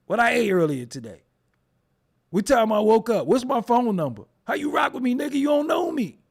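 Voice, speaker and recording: A man's voice: very high-pitched, very animated, normal speed, vocal fry, breathy edge. A man hosting a casual livestream, ranting at his chat in a profane, mocking way. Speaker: show host.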